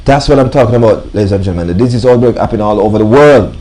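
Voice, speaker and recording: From a studio, a man with a fairly low voice hosts a live radio talk show, delivering a rapid-fire monologue with sponsor reads. He speaks emphatically, like a preacher, repeating "ladies and gentlemen" and other phrases while calling out to his listeners.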